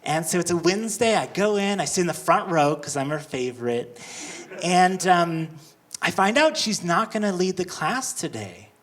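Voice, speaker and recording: A man doing a stand-up comedy set with awkward, self-deprecating, animated storytelling, on a handheld mic at a live show. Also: sits high, normal speed. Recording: live club recording with background noise.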